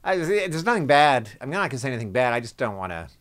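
A man's voice: mid-range voice, very animated, fast, a bit bright. A middle-aged man telling a story in casual conversation, acting out the people he quotes in big voices. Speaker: guest actor.

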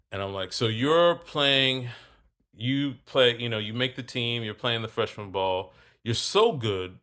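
Animated man with a bright voice. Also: fairly low pitch. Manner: animated, acts out both sides of dialogue. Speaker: guest telling a story. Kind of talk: casual storytelling.

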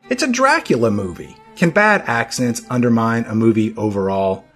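A man's voice: medium pitch, very animated, moderate pace, faint music behind. A man hosting a movie podcast, narrating scripted film history with playful, dramatic emphasis. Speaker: podcast host.

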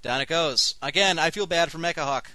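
A man's voice: on the high side, brisk, pushed and bright, no room sound. A man hosting an online radio show, giving live commentary on a strategy game with wry, sarcastic asides. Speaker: host and game caster.

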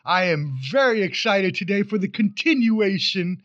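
A man's voice: high-pitched, lively intonation, moderate pace, a bit bright, no room sound, dull audio. A man hosting a podcast, introducing the show in a playful, hyped, rambling way. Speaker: podcast host.

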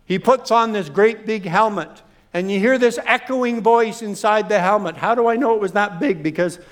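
A male preacher giving a sermon, emphatic and animated, telling humorous stories and repeating phrases. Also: high voice, normal speed.

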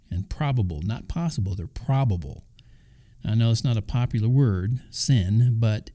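Mellow-voiced man giving a casual devotional talk. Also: mid-range voice. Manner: conversational, with asides and chuckles. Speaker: Christian podcast host.

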